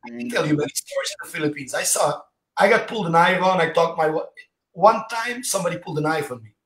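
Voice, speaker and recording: A somewhat high-voiced man talks casually as a guest, telling animated anecdotes in choppy, fragmented bursts full of "you know". His voice rings out in a noticeably echoey room. He sounds like a martial arts teacher sharing his experiences. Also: fast. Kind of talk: casual interview storytelling. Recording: roomy echo.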